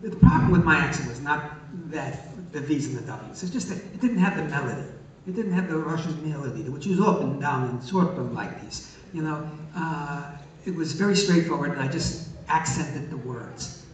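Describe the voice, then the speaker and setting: A man's voice: fairly high pitch, lively intonation, moderate pace, few pauses. An older man answering questions at a live Q&A, a wry, teasing storyteller who often hesitates. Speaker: guest answering audience questions. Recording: echoey hall, far from the mic, dull sound.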